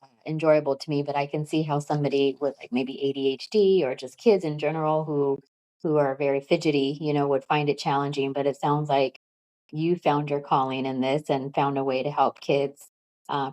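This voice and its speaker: A woman hosting an interview podcast, calm and even, with many relaxed fillers. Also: a bass voice, moderate pace, rough recording. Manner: calm, self-described monotone. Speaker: podcast host. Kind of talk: casual interview.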